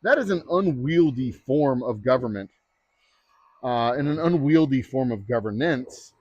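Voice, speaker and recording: A man's voice: medium pitch, expressive, a little slow, a little mellow, no echo, highs cut off. A man chatting casually on a livestream, rambling and joking with many fillers. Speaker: distillery owner livestreaming.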